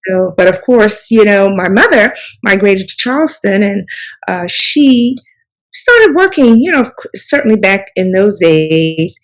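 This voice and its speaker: A woman's voice: medium pitch, animated, a little slow, rough recording. A woman, reminiscing in a rambling interview style full of "you know" and restarts. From South Carolina Sea Islands. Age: 70s. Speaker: author and storyteller guest.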